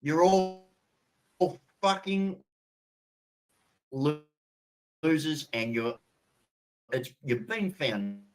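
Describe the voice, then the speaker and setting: Slow, swinging profane ranting man. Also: fairly high pitch, lively intonation. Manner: profane, threatening, insulting. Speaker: ranting video poster. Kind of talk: angry monologue.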